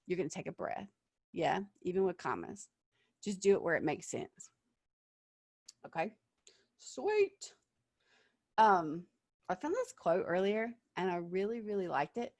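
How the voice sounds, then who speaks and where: A woman with a fairly low voice runs an online acting workshop in a lively, animated way, checking in with listeners through "okay?" and "yeah?" The recording has no room sound.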